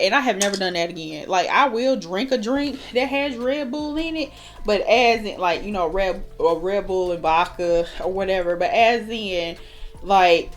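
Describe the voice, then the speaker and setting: A woman's voice: mid-range voice, a little hiss or hum. A young woman telling a wild storytime while doing her makeup, swearing and laughing as she goes. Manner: animated, swearing, laughing often. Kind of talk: casual storytime chat.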